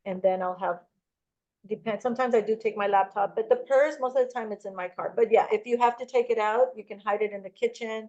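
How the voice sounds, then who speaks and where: A woman's voice: fairly high pitch, racing, dark tone, lo-fi sound. A woman giving a casual real estate training talk, chatty and rambling, with many restarts and personal stories.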